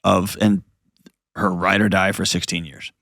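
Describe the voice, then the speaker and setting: A man's voice: low voice, little pitch movement, measured pace, gravelly, a bit bright, no echo, studio quality. A man hosting a call-in advice show, talking bluntly and earnestly to a caller and telling stories.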